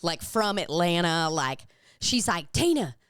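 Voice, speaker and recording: Podcast co-host, young woman, lowish voice, loose rambling storyteller. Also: normal speed, a bit bright, clear, resonant tone, no room sound, clean studio sound. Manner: rambling storyteller, swears freely. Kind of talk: casual chat.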